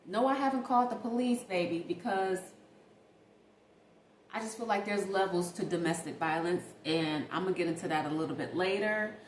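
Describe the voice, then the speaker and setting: A woman's voice: lowish voice, moderate pace, a little hiss or hum. A woman vlogger telling a story in a chatty, emphatic way, talking straight to her viewers. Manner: chatty, emphatic, addresses viewers as baby and y'all. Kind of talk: casual storytime monologue. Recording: echoey room with faint ambience.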